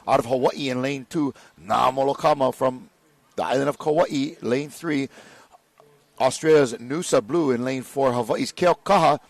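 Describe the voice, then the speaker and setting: A man's voice: medium pitch, no room sound. Chill joking guy on race commentary, middle voice. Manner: joking, laid-back banter. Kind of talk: live sports commentary.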